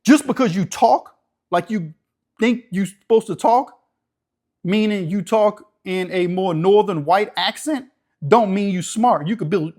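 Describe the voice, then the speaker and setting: A man's voice: high voice, darkish tone. A man from the New Orleans area with a local accent, hosting a casual, blunt, streetwise monologue. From New Orleans area, Louisiana. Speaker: YouTube channel host.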